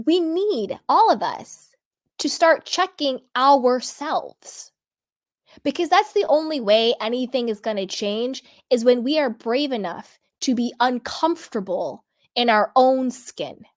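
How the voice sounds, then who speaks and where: A woman hosting a casual commentary vlog, talking earnestly and slowing down to stress key words. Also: fairly high pitch. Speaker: host.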